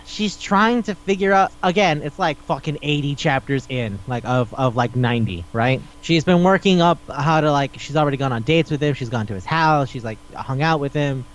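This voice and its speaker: A man's voice: on the high side, normal speed, few pauses. A man co-hosting a podcast in casual chat, rambling animatedly and swearing freely. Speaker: podcast co-host.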